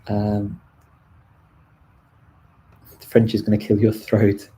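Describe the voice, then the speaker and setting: Man, live Q&A host, very dark mellow tone, flat low delivery, faint hiss behind. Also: very slow, poor audio. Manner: chatty, many ums and restarts, light laughs. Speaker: livestream host answering viewer questions. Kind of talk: casual live Q&A chat.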